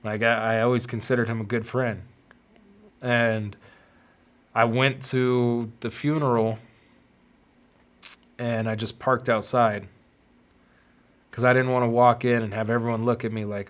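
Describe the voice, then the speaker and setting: Man of middling pitch hosting a confessional podcast, halting and repeating himself. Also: level tone, fairly bright tone. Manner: halting, repeats words while searching for them. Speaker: podcast host. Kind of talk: confessional personal monologue.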